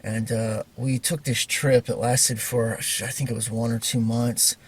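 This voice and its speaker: A man telling a personal story to camera in a halting, casual way, with many fillers and restarts. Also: medium pitch, level tone, slightly rough. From Idaho. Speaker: Christian video maker.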